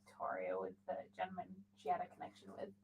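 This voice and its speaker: A woman co-hosting a radio show, softly reading listener comments aloud from a distance. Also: on the low side, big pitch swings, quick pace, vocal fry. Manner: soft, reads comments aloud off-mic.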